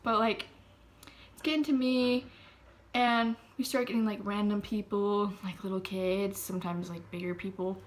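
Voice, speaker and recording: A teenage girl in a casual vlog, retelling a spooky night with constant fillers. Her voice sits at an ordinary pitch for a young woman. She slides between excited chatter and hushed, breathy whispers. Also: normal speed. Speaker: vlogger. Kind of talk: casual storytelling.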